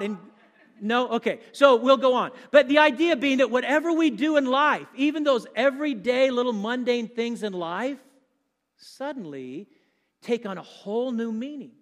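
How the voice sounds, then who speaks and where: An extremely high-pitched, fairly bright male voice at a moderate pace carries a long reverb tail. As a guest preacher in a church, he chats, jokes and quizzes the congregation.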